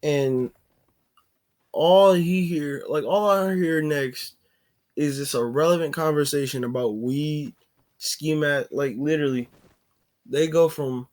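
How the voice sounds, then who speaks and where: A man telling a casual story on a vlog, animated and full of fillers. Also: a little high, slow pace.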